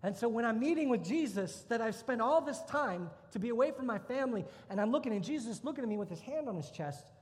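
A man's voice: very high voice, animated, quick pace, hardly any pauses. A man preaching a sermon as pastor, telling a personal testimony earnestly and with emotion, rising at times to intense outbursts. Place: church sanctuary. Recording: church hall reverb.

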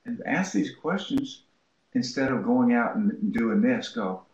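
A man who teaches writing, answering an interview question with lively anecdotes told from his home office. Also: medium pitch, a little slow. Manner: animated anecdotes, acting out quoted voices. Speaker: writing instructor, interview guest. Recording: roomy, dull lo-fi sound.

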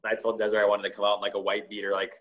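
Talk-show guest, male, lower voice, lively story delivery, dull recording. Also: racing. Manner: acts out quoted dialogue with lots of "like". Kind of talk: animated storytelling.

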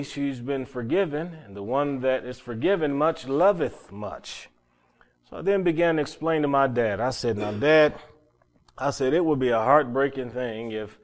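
Man preaching, earnest testimony, halting repeats, mid pitch. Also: darkish tone. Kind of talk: sermon testimony.

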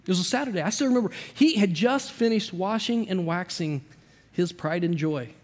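Male pastor, sermon, animated storytelling, fairly high voice, long hall reverb. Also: normal speed. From Indiana. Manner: animated storyteller, shifting loud and soft, acts out dialogue.

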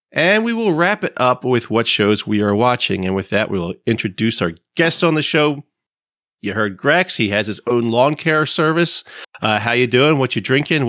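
A man's voice: medium pitch, a bit bright, no room sound, clean studio sound. A man hosting a gaming podcast, chatting casually and teasing his guests. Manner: joking, teasing. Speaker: podcast host.

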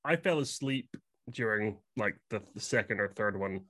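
A man's voice: fairly low pitch, expressive, moderate pace, bright, forceful tone. Offhand young man podcast guest. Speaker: podcast guest, theatre technician. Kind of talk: casual podcast chat.

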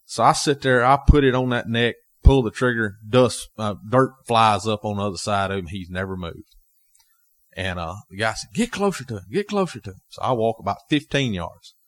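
A man telling a story as a guest on a talk show, animated and laughing as he goes. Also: lowish voice, normal speed. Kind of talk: casual storytelling.

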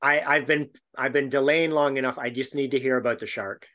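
A man's voice: mid-range voice, steady tone, brisk, sharp tone. A man hosting a podcast interview, chiming in with brief, encouraging reactions. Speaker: podcast host. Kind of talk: casual interview chat.

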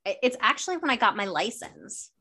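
A woman's voice: fairly high pitch, sing-song, brisk, pushed and bright, husky. A woman co-hosting a casual conversation, talking candidly and reflectively about family memories, often quoting what she and others said. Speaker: podcast co-host, older sister.

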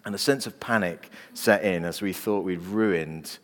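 Earnest preacher in a reverberant hall. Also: male voice, sits low, a little slow, a bit bright. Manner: earnest, personal storytelling preaching. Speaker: pastor. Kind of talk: sermon. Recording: long reverb of a large hall.

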